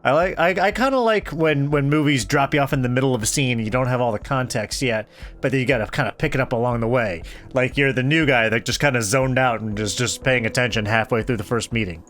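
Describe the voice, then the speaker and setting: A man's voice: medium pitch, fast talker, a bit bright, faint music behind. A man hosting a let's play, making casual, playful and enthusiastic gaming commentary. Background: game soundtrack.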